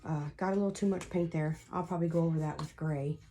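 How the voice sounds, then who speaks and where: Chatty woman, low and mellow. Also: steady tone, fast talker, a little hiss or hum. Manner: chatty, rambling storyteller. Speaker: craft vlogger. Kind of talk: casual crafting tutorial.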